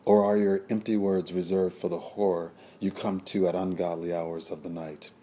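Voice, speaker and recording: A man's voice: sits low, flat delivery, moderate pace, mellow, lightly acted. A man voicing a young Creole mistress in an audiobook, mocking and cutting in her sarcastic replies. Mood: scornful.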